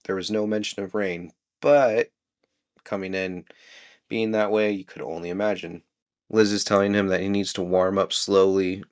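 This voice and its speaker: A man's voice: low voice, fairly even intonation, moderate pace, smooth. A man casually recapping a book chapter and musing aloud with questions about it. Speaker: book discussion host.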